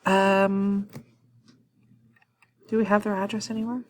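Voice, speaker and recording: A woman walking through a software task in a screen-recorded tutorial, thinking aloud with frequent ums and quick self-corrections. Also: medium pitch, level tone. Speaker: instructor.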